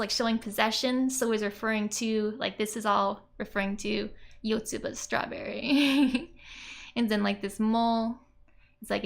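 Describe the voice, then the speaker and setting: A woman's voice: a little high, gravelly. A woman teaching a language lesson in a casual, chatty way, laughing often as she explains. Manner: giggly, chatty, frequent laughs. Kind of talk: casual lesson narration over screen.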